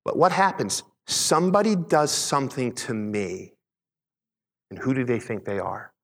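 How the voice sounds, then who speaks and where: A man's voice: creaky, in a large hall. Conversational middle-aged male preacher. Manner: conversational preaching, animated retelling with quick pitch swings. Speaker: pastor. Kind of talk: sermon with a personal story.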